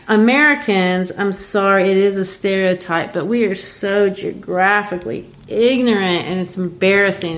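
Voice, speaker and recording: Woman from Brazil, lower voice, lively retelling. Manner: animated retelling with frequent fillers. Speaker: co-host discussing a play. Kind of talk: casual literary discussion.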